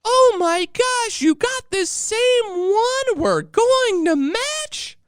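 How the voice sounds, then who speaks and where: A man mimicking his young wife as she squeals over a gift, in a gushing, high put-on voice. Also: normal speed, no room sound, studio quality. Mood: thrilled. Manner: gushing, breathless excitement.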